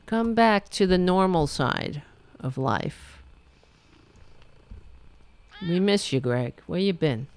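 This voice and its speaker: A woman hosts a political talk show from home, blunt and exasperated, swearing freely. Her low voice swings widely in pitch while she speaks at an unhurried pace. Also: lively intonation, a little mellow. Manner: blunt and exasperated, swears, talks to pets in a cooing baby voice. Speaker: host.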